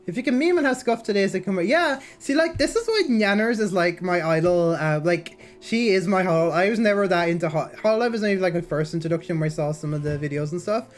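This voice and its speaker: Streaming on a basic mic rather than a headset, a woman chats and reads aloud at a fairly quick pace with few pauses, faint music playing behind her. Her fairly low voice is somewhat nasal from a sore throat, and she rambles with fillers and restarts.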